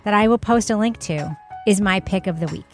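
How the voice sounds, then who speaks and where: A woman's voice: medium pitch, fairly quick, faint music behind. Chatty, teasing woman podcast co-host. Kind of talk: casual banter and ad reads.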